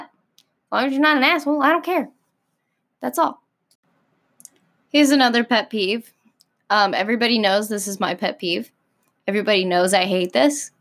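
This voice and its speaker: An American vlogger with a slightly high, creaky, fairly bright voice rants casually to camera. Her talk is filler-heavy, packed with frequent "like," and full of blunt, sassy swearing.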